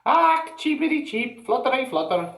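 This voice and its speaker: A man voicing a tiny, brash male fairy warrior with a Scottish accent, yelling in a squeaky voice in an echoey room. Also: big pitch swings, normal speed, creaky, full character voice. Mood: mock-bird squawking.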